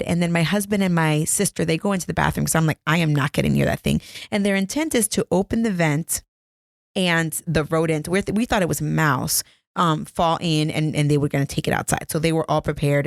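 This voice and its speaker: Low, gravelly woman podcaster. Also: fast, no room sound, clean studio sound. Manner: chatty, self-mocking, laughs often. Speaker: podcast host. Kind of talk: casual storytelling. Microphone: close podcast mic.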